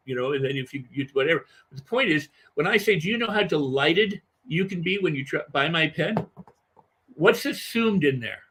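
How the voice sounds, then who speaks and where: A husky man with a fairly high voice speaks as a guest in a conversational interview. He is animated and emphatic and piles up repeated phrases to drive a point home. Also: fairly quick.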